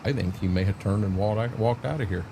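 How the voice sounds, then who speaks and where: A man's voice: on the low side, a little fast, gravelly, noisy background. A man chatting casually on a livestream while playing a farming game, rambling in a folksy way to his viewers and his dog.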